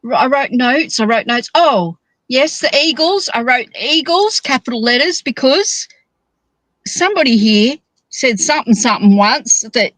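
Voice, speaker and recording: A woman, chatting in a teasing, animated way as a monthly guest on a casual podcast. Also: high-pitched, normal speed, dry recording, rough recording.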